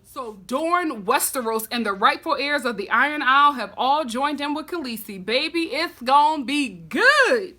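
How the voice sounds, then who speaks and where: A woman giving a casual, animated and sassy recap of a TV episode, full of dramatic reactions. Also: a little high, moderate pace. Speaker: recap vlogger.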